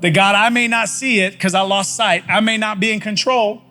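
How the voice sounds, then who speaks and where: A pastor with a notably high voice preaches in a church. He is folksy and conversational and hammers his points home through repetition. Faint music plays softly under him. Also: steady tone, normal speed. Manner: conversational preacher, repeats phrases for emphasis, folksy. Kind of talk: sermon. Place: church sanctuary.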